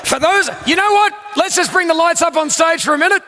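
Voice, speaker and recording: Onstage hosting a live comedy show, an Australian man bantering with the crowd comes across loud, sweary and exasperated. His very high-pitched voice moves briskly over background noise.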